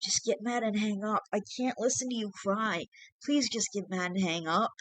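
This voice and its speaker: A reader voicing a sick young man who quietly apologizes while breaking up with his girlfriend. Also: medium pitch, fairly even intonation, moderate pace, no room sound, pitched above the performer's own voice, close to an everyday voice. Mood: guilty, strained. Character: sick, guilt-ridden young man ending a relationship.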